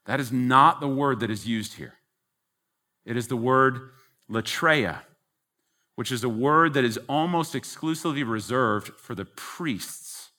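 A man's voice: mid-range voice, sharp tone. A man preaching a sermon, teaching earnestly and emphatically from scripture. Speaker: pastor.

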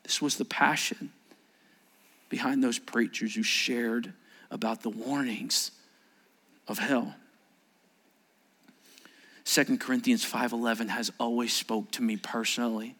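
A male pastor preaching a solemn sermon, reading quotations aloud and building to forceful emphasis. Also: mid-range voice, steady tone, a little slow, pauses often.

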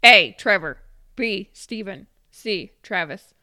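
A woman's voice: mid-range voice, animated, takes it slowly, bright, forceful tone, no echo, clean studio sound. A woman in casual chat, playfully quizzing a friend and laughing often. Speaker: quiz host.

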